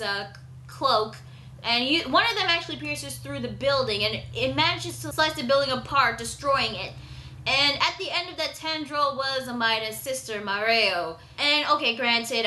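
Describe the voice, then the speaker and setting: A woman's voice: on the high side, bright, forceful tone. A woman giving a casual, chatty manga chapter review with sudden exclamatory outbursts. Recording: echoey room.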